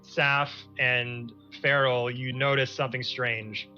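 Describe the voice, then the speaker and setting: A man's voice: medium pitch, slow pace, muffled recording, soft background music. A man running a tabletop game as game master, upbeat and laughing, steering the players along. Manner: lively, laughing, keeps the table on track.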